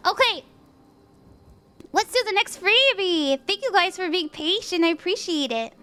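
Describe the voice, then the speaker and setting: High-voiced chatty woman reading tarot. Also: animated, a little slow, pushed and bright. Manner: chatty, upbeat, full of "like" and "you know", laughs often. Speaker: tarot reader and stream host. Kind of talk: casual livestream tarot reading.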